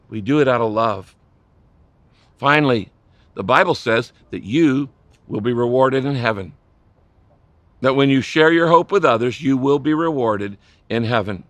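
A man preaching a sermon as pastor, impassioned, swinging between loud emphatic lines and hushed, low ones. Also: moderate pace, pauses often, dry recording.

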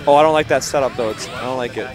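A young man doing live, joking, profane commentary on a fighting-game match at a tournament, yelling at big plays. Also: mid-range voice, very fast. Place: gaming tournament venue. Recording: live stream with crowd noise and music.

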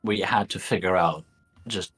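A man's voice: low voice, moderate pace, fairly bright tone, breathy edge, soft background music. A man, the game master, introducing the players in laid-back casual chat with plenty of swearing.

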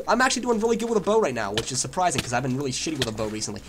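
A young man giving excited gameplay commentary, trash-talking opponents and laughing at his own confusion. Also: high voice, fast, slight background noise. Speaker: gaming YouTuber.

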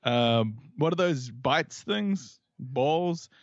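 A man's voice: mid-range voice, lively intonation, very slow, no room sound. Playful New Zealand man on lo-fi audio. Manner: playful, jokey, riffs and repeats himself. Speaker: guest. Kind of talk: casual podcast chat.

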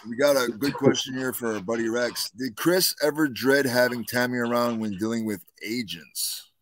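A man's voice: mid-range voice, moderate pace, fairly bright tone, low-quality recording. A man hosting a podcast interview, laid-back and chatty, answering with short affirmations and casual swearing. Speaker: podcast host.

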